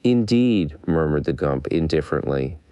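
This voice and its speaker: A man reading a classic children's fantasy novel aloud as an audiobook narrator, lifting his pitch a little for the characters' dialogue. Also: fairly even intonation, normal speed, smooth, dry recording, lo-fi sound. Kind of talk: scripted narration.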